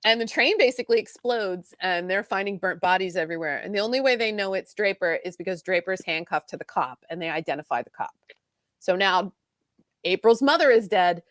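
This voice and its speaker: Fast-talking woman gushing over a soap. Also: medium pitch, no room sound, clean studio sound. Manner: fast, animated retelling with many "like"s. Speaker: podcast co-host. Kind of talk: casual chat recapping a soap opera.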